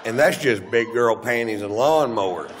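Middle-aged Texan comic, crude rambling storyteller, live theater mic with a long hall tail and a faint hum. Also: male voice, medium pitch, lively intonation, moderate pace. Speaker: stand-up comedian. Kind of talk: stand-up comedy routine. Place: large theater stage.

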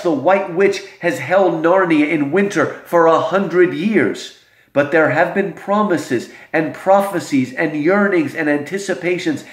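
A man giving a literature lecture, slow and expressive, with dramatic emphasis. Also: a little high. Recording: roomy echo.

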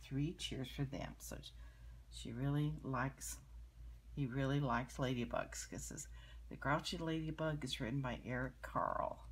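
An older woman with a very low, husky voice reads a picture book aloud to children. She speaks slowly and gently, stopping to explain the pictures. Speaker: storyteller reading to children.

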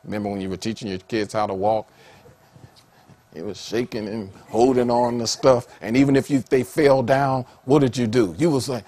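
A man a sermon in an animated way, laughing often and rising to high excited calls. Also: normal speed. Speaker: preacher.

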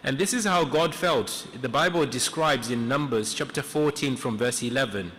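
Earnest preacher in an echoey church. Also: male voice, mid-range voice, fairly bright tone. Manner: earnest, reflective storytelling with pauses. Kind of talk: sermon. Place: church sanctuary.

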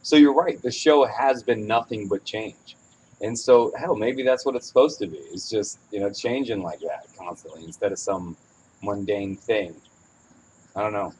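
A man's voice: fairly low pitch, normal speed, darkish tone, slight background noise, rough recording. A man hosting a casual podcast chat, candid and rambling, swearing freely as he talks. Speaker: podcast host. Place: outdoors on a porch at evening.

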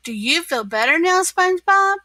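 A woman reading a storybook aloud and voicing a dim-witted, cheerful male starfish with goofy, sudden loud outbursts. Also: extremely high pitch, animated, normal speed, no echo, pitched above the performer's own voice, exaggerated voice.

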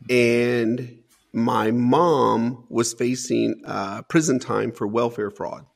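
Guy with a gravelly voice, podcast guest telling his own story, earnest and emphatic, keeps saying man. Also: medium pitch, fairly even intonation, slow pace. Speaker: interview guest. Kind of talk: personal life story in a podcast interview.

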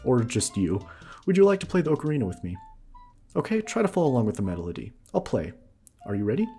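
A man voicing a gentle, friendly young girl of the forest, reading her lines sweetly and earnestly. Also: mid-range voice, very animated, fast talker.

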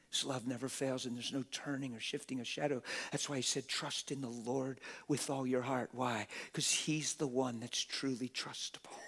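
A middle-aged man preaching a passionate, folksy sermon, often laughing and bursting into shouts. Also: medium pitch. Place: church hall with a congregation.

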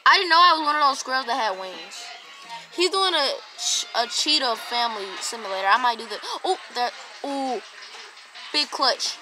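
A woman's voice: on the high side, expressive, moderate pace, music in the background, rough recording. A young woman giving casual, jumpy commentary while playing a video game, often yelping when startled. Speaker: gaming vlogger.

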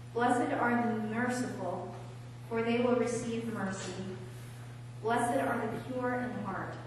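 Female scripture reader, measured and even, distant in a reverberant sanctuary with a steady hum. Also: a little high. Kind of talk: reading scripture aloud. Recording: echoey church hall, mic far off.

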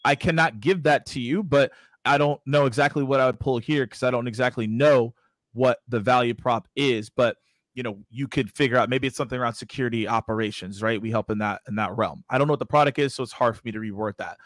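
A man talking in a relaxed, conversational way on a video call, sometimes slipping into sample lines to show how they should sound. His voice sits at a middle pitch and comes through close and dry, with no room sound around it. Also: fast, no room sound. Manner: conversational, acts out example lines. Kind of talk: casual webinar advice on sales emails.

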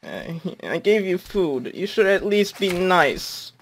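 A young man giving goofy, rambling gameplay commentary, nervous and self-mocking, often breaking into shrill shouting. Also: big pitch swings, slow pace, slight background noise. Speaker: gamer.

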